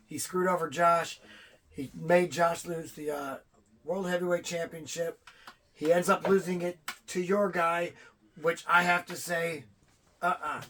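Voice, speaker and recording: A man co-hosting a podcast in casual banter, teasing his partner and breaking into loud outbursts. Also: fairly high pitch. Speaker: podcast co-host.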